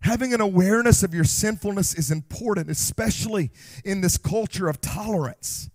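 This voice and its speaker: High-voiced impassioned male preacher. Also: dry recording. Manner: impassioned preaching that swells to shouts and slows on key phrases. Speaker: pastor. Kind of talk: sermon. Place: church.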